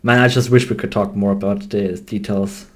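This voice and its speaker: A man's voice: on the low side, steady tone, normal speed. A man chatting casually with his voice actor, often restarting sentences and laughing. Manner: hesitant restarts, frequent laughter. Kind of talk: casual group chat.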